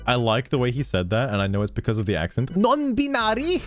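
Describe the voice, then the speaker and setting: A man's voice: lowish voice, fast talker, faint music behind. A man streaming, reacting to a video with sarcastic, profane commentary and frequent laughter. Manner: sarcastic, swears often, laughs a lot.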